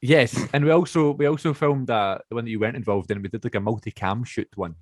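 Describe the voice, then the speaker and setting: A man's voice: medium pitch, quick pace, no room sound, clean studio sound. A young man hosting a podcast over a video call, chatty and rambling, often correcting himself. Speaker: podcast host. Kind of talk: casual chat.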